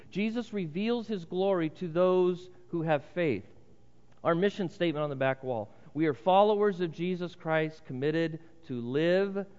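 An earnest pastor delivers a sermon in a slightly high voice, swinging between urgent pleas and hushed, slow emphasis. His voice rings with long reverb through a church sanctuary. The sound is dull and lo-fi. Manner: earnest, dramatic, drops to a hush for emphasis.

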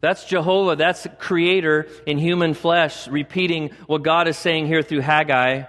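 A man's voice: fairly high pitch, steady tone, unhurried, a bit bright. A male pastor preaching a sermon, repeating points for emphasis and adding chatty asides. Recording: long reverb of a large hall.

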